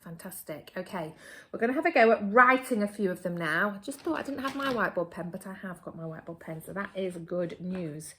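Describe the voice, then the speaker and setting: An English woman teaching a remote phonics lesson to young children, upbeat and slow, stretching key words. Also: fairly low pitch, expressive, fairly bright tone, a little hiss or hum. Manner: upbeat, slow and exaggerated for children, my turn your turn. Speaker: primary school teacher.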